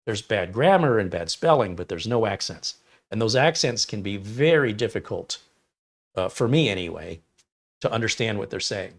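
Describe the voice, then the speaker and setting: A man's voice: fairly low pitch, expressive, moderate pace. Rambling, opinionated man on a livestream. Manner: rambling, opinionated, reads chat comments aloud. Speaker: livestream host reviewing mini PCs. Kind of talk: casual livestream chat.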